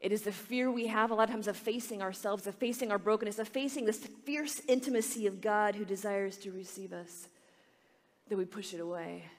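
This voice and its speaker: A religious sister giving a talk, telling stories with animation and acting out the voices of children. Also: female voice, mid-range voice, steady tone, a little fast, big-room sound. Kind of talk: storytelling talk to a retreat audience.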